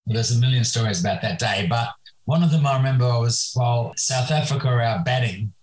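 A man in his sixties, a podcast guest, reminiscing in a rambling, halting way with many restarts. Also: medium pitch, low-quality recording. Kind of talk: remote podcast interview.

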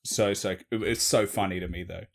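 A young man with a soft city Australian accent, hosting a casual interview and telling amused stories in an easygoing way. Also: low voice, fairly even intonation, normal speed, gravelly. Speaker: podcast host. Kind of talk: casual chat.

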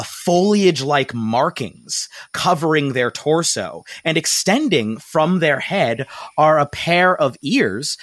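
Guy game-mastering, rambly improv narration, bright voice, dry close mic. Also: a little high, no echo. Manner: improvised, many fillers and restarts, laughs often.

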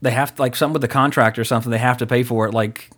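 A man's voice: mid-range voice, fairly even intonation, racing, a bit bright. A man co-hosting a podcast, telling rambling stories full of fillers and swearing. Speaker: podcast co-host. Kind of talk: casual chat.

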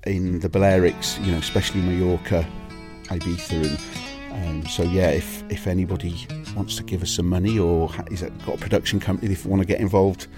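Welsh male guest, low register, chatty storyteller, faint music underneath. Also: steady tone, fairly quick, few pauses. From Wales. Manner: rambling anecdotal storytelling, frequent restarts. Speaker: DJ and record label owner, interview guest. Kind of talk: casual interview chat.

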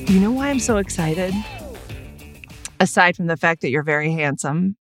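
Bubbly woman podcast host, very lively. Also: fairly low pitch, moderate pace, faint music behind. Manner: bubbly, giggly, gushing. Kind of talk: casual podcast chat.

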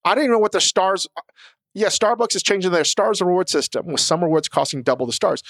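A man's voice: sits high, brisk, fairly bright tone, no room sound, clean studio sound. A man co-hosting a podcast in casual chat, blunt and profane, a chef talking about his restaurants.

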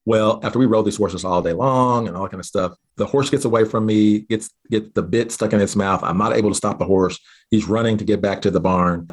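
A man from southeastern Oklahoma, a guest earnestly telling a personal story with halting restarts. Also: lowish voice. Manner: earnest, halting restarts, slows down at key moments.

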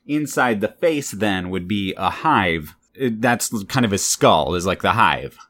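Very low-pitched woman, curious interviewer asking questions in casual chat. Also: lively intonation, measured pace. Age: adult. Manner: curious, probing follow-up questions. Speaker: parent interviewing a child.

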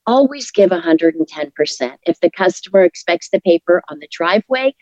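A middle-aged woman speaking as an interview guest, earnest and encouraging, with soft laughs as she talks. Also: fairly low pitch, expressive, brisk, dry recording, lo-fi sound. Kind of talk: casual interview talk.

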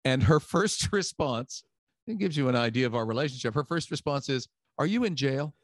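A man's voice: mid-range voice, fairly quick, no echo. A middle-aged man, telling a story in casual chat and acting out the voices of people he quotes. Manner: animated, acts out quotes with laughs. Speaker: guest.

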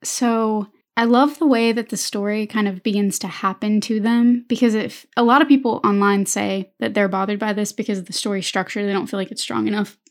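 A woman in her thirties co-hosting a podcast, retelling a movie in lively, casual chat full of fillers. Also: medium pitch, a little fast, hardly any pauses. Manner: animated storytelling, full of "like" and "you know". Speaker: podcast co-host.

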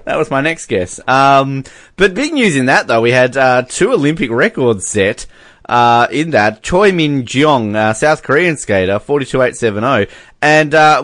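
On a podcast, an Australian man with a slightly high, somewhat bright voice casually reads out sports results, joking, laughing often and stumbling over foreign names. The recording is studio quality with no echo, and the talk is a casual chat.

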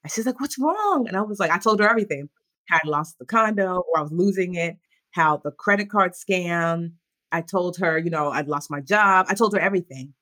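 A woman in her thirties speaks in a lowish voice as an interview guest, recalling her past openly. She talks animatedly and jumps up in pitch when she quotes other people. The sound is dry and close. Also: a little fast, bright, forceful tone, no room sound. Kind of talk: candid interview storytelling.

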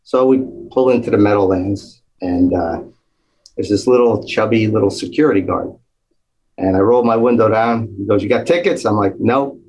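A man with a low, slightly husky voice tells a long anecdote in relaxed conversation. He acts out the people in the story, jumping higher for their lines. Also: normal speed, low-quality recording. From New Jersey. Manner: animated storyteller acting out quoted voices. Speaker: guest storyteller. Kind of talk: casual anecdote telling.

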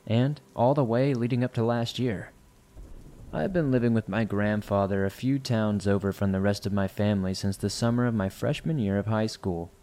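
A man reading listener-submitted horror stories aloud in a measured, somber narration. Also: lowish voice, dark tone.

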